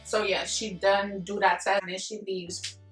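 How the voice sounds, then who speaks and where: A young woman tells a story straight to her camera, casual and slangy. She laughs as she goes and acts out the voices of the people in it. Her voice sits at a middle pitch and rings around an echoey room, picked up from a little distance, with faint music behind. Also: level tone, a little slow, a bit bright. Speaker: vlogger. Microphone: camera mic from a distance.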